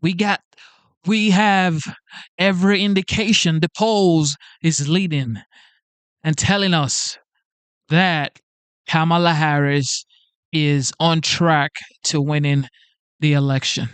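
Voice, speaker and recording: A man commenting on the news to his viewers in a slow, emphatic way. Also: a little high, fairly even intonation, a bit bright, clear, resonant tone, dry recording. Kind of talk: video commentary.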